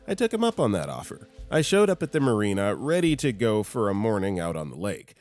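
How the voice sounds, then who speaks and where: A man narrating stories in an expressive, scripted delivery. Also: fairly low pitch. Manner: expressive storytelling. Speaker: story narrator. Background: faint guitar music.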